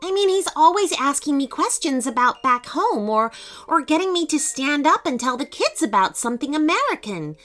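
A woman's voice: sits high, very animated, moderate pace, a bit bright, voice pushed up. A woman voicing a moody young schoolboy who groans and complains. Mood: grumbling.

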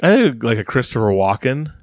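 A man co-hosting a casual podcast chat, easygoing and quick to laugh. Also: mid-range voice, big pitch swings, a little mellow, no room sound, clean studio sound. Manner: easygoing, laughs often, agrees readily. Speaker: podcast co-host.

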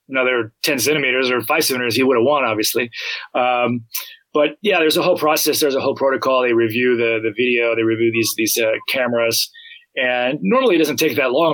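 A man gives his take in a halting, searching way, pausing often on fillers. His voice is bright and forceful at a middle pitch. The sound is dry and close. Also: no echo, low-quality recording. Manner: halting, many fillers and restarts. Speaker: podcast guest. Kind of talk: casual analytical chat.

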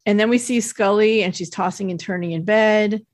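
Woman, podcast co-host, mid pitch, casual plot recap delivery. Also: moderate pace. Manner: relaxed, narrates plot summary from notes. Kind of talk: casual chat recapping a TV episode.

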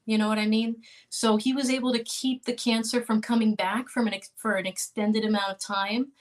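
A middle-aged woman recounting a hard personal story in an interview, earnest and halting, with restarts and small laughs. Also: on the high side, fairly even intonation. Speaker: interview guest.

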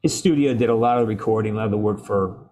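Man, actor guest, casual chat, rambling, halting, frequent laughs. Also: fairly low pitch, a little mellow.

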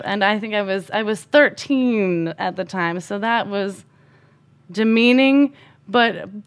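Animated woman telling a personal story. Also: a little high.

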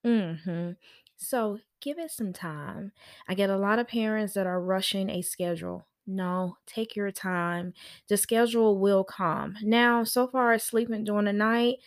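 A woman's voice: medium pitch, a little slow, dry recording, clean studio sound. A middle-aged woman, a nanny hosting a parenting show, giving casual, sassy advice and acting out the people she quotes.

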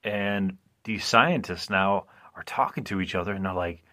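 A man's voice: low voice, moderate pace, bright, forceful tone. A man hosting a podcast, recapping a movie in a casual, rambling way, often restarting and asking listeners "right?". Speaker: podcast host.

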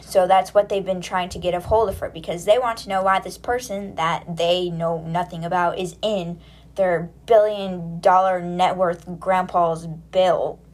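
A woman's voice: fairly low pitch, fairly even intonation, moderate pace. A woman hosting a book podcast, casually retelling the chapters in a chatty, loose way full of "like" and paraphrase.

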